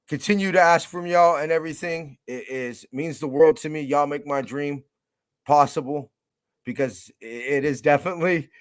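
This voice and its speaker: A young man hosting a fan radio show, talking in a profane, emotional, hyped-up way. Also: a little high. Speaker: podcast host. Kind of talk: casual fan radio monologue.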